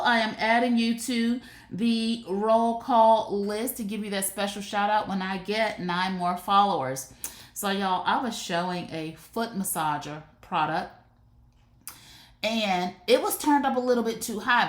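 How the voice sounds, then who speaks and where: Chatty woman stream host, roomy sound. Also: mid-range voice. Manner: chatty, animated, addresses viewers directly. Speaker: live shopping stream host. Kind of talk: casual live stream product chat. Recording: roomy echo.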